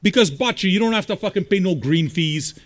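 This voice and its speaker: A man hosting a live music stream, chatting straight at his viewers. His voice sits a bit high and swings widely in pitch. He talks bluntly, with plenty of swearing and combative teasing. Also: expressive, moderate pace. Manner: blunt, profane, combative banter. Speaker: streaming radio DJ host. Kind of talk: casual livestream chat answering viewers.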